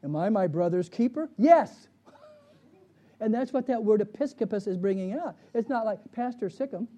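A man's voice: sits high, expressive, moderate pace, mellow. A man, a pastor, leading a conversational Bible study, often checking in with the class with questions.

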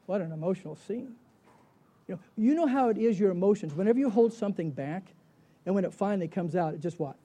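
A man delivering a sermon in a high yet deeply mellow, dark voice. He teaches in an animated, storytelling way, tossing rhetorical questions to his listeners and chuckling now and then. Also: slightly rough. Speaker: Bible teacher.

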